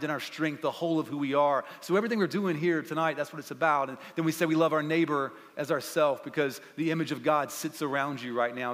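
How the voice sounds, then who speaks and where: A man preaching a sermon to a student gathering in an energetic, conversational way that rallies the crowd. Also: a little high. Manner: energetic, conversational, rallying the audience. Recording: long reverb in a large hall.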